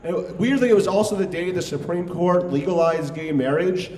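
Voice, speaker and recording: A man's voice: high voice, moderate pace, darkish tone, a little hiss or hum. Man telling a story in an echoey hall. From New York. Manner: conversational, wry, swears freely. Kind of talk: live comedic storytelling.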